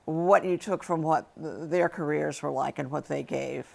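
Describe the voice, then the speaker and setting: A woman's voice: low voice, moderate pace, vocal fry, mellow. A woman hosting an interview, asking questions and adding encouraging murmurs of agreement. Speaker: interview host. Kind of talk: interview conversation.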